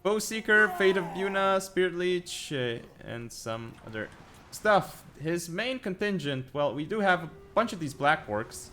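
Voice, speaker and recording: A man's voice: high-pitched, expressive, a little slow, pushed and bright. A man hosting and casting a strategy game tournament, casual and chuckling as he lists unit builds. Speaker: host and caster. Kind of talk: esports game commentary. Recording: faint background noise.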